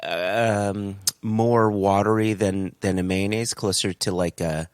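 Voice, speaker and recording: A man's voice: lowish voice, steady tone, takes it slowly, clear, resonant tone. A middle-aged man co-hosting a podcast, playful and jokey, swearing freely in casual chat. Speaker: podcast co-host.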